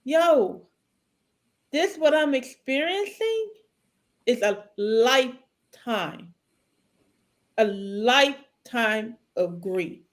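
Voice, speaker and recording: A middle-aged woman co-hosting a podcast, sharing a painful personal story in a halting, tearful way and sounding choked up. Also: fairly high pitch, expressive. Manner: halting and tearful, speaking slowly with long pauses. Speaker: podcast co-host. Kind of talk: emotional personal testimony.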